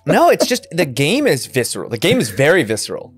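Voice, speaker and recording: Excitable man chatting animatedly. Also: fairly high pitch, brisk, husky, dry recording, soft background music. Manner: excitable, rambling, restarts often. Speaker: podcast co-host. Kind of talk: casual chat about tabletop games.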